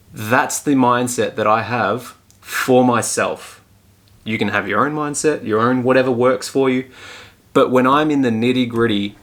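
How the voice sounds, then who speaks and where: Talking casually on his own podcast, a young fitness coach and host speaks in a mid-range, somewhat bright voice. He's outspoken and direct, cursing frequently as he goes.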